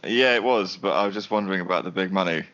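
A man's voice: low-pitched, fast, a bit bright, dull audio. A man co-hosting a casual podcast, dry and matter-of-fact about league stats. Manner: dry, matter-of-fact, calls people mate.

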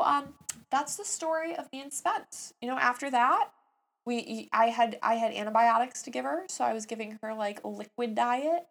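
A woman in her twenties telling a long personal story in a chatty, animated, self-mocking way. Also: mid-range voice, vocal fry. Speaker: vlogger. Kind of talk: casual storytelling.

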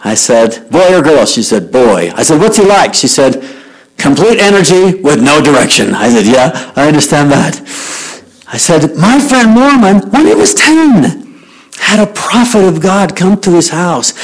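A man from Utah speaks to young listeners, telling a story with a lot of feeling. His voice sits a little high and jumps around a lot as he plays both sides of the conversation. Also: moderate pace, poor audio. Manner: animated storyteller, acting out both sides of a dialogue. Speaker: youth speaker. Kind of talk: storytelling talk to youth.

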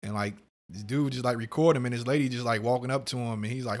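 A man with a mid-range voice rattles through his stories at a quick clip, swearing freely. He co-hosts a casual podcast chat and slips into other people's voices mid-anecdote. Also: medium pitch, steady tone. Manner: loose, profane storytelling with quoted voices and laughs. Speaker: podcast co-host.

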